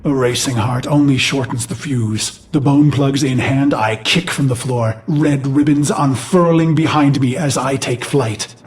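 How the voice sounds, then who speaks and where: A man's voice: medium pitch, unhurried, natural voice. An actor playing a brooding, vengeful human warlord who recalls his past in a grave, haunted inner monologue for a game cutscene. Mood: defiant. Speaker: narrator of a memory.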